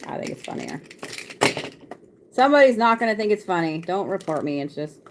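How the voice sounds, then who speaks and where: A woman's voice: fairly low pitch, sing-song, a little fast, noisy background. A woman, chatting casually on a live stream as a card reader, laughing often and swearing freely.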